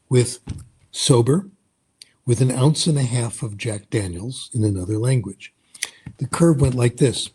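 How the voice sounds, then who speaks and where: Older male academic presenter, warm and slightly breathy tone, relaxed anecdotal webinar lecture. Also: medium pitch. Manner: anecdotal, storytelling explanations. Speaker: conference presenter.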